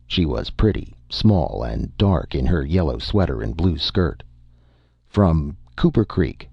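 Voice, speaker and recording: Deep, gravelly man narrating a story. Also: a little slow, dry recording, lo-fi sound. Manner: steady storytelling reading.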